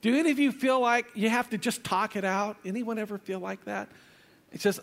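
A man's voice: sits high, fairly quick, gravelly. A man preaching a sermon in a conversational, playful way, with frequent asides and restarts. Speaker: pastor.

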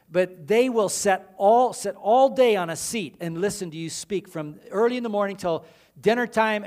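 A male preacher with a fairly high voice delivers an animated sermon full of stories. He leans on repeated phrases for emphasis and often restarts mid-sentence, rising and falling in intensity as he goes. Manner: animated storytelling with emphatic repetitions and frequent restarts. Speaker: preacher and missions leader.

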